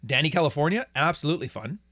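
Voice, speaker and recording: A man's voice: fairly high pitch, expressive, rapid-fire, bright, forceful tone, no room sound. Crude mouthy guy ranting on his stream, dry close sound, no room at all. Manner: blunt, crude and mocking; reads viewer super chats aloud. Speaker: livestream host. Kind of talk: profane livestream rant.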